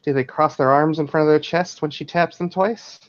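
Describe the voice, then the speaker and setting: A woman's voice: deep voice, fairly even intonation, fairly quick, lo-fi sound. A woman playing a tabletop role-playing game, making offhand jokes. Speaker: player.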